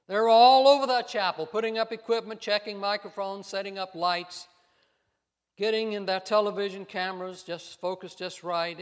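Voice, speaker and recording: An older man preaching a sermon as pastor, telling stories with emphatic rises and soft trailing endings, in a church sanctuary. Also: high voice. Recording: long reverb of a church hall.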